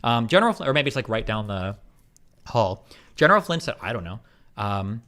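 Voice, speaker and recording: A man streaming live, reading a report aloud at a quick clip and breaking off for skeptical asides. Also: fairly low pitch, expressive, bright, forceful tone.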